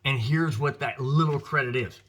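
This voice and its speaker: Emphatic, frustrated American football fan host. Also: male voice, medium pitch, normal speed, a bit bright. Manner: emphatic, frustrated, addresses viewers as guys. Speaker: sports podcast host. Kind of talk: opinionated football commentary.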